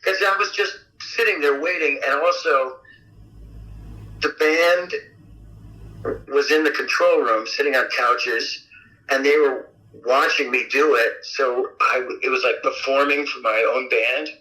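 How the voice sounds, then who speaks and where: A man being interviewed as a rock singer, telling stories in a casual, animated way and acting out quotes with big jumps in pitch. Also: unhurried, poor audio. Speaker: rock vocalist guest. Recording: radio interview audio.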